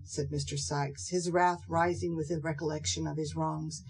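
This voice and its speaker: A woman narrating an audiobook of a classic novel in a steady, measured way. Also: deep voice, slightly rough, rough recording. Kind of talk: scripted narration.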